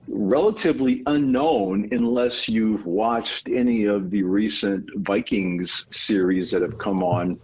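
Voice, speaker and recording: A man, an author guest on an interview podcast, explaining his ideas in a measured, storytelling way. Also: fairly low pitch, a little mellow, slightly rough, poor audio. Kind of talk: conversational interview.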